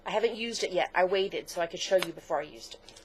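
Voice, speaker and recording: A woman's voice: fairly low pitch, fast, breathy edge. A middle-aged woman co-hosting a crafts podcast in casual chat, gushing, chatty and easily moved. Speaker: podcast co-host.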